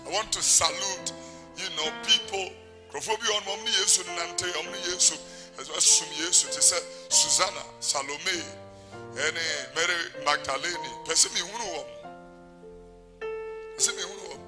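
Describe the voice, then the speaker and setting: Male pastor, high-pitched, sings and shouts through the sermon, faint music behind. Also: moderate pace. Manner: preaching that swings between singing and shouting.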